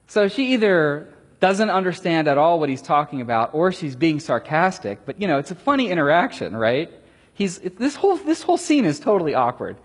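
Animated, husky-voiced preacher man. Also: fairly high pitch, brisk. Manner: lively, conversational, animated storytelling. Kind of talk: sermon. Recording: long hall reverb.

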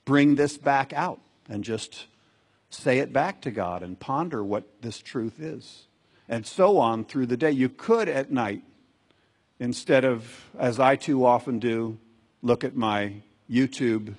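Husky-voiced man preaching earnestly. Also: mid-range voice. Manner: earnest, exhorting, repeats phrases for emphasis. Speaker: pastor. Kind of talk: sermon.

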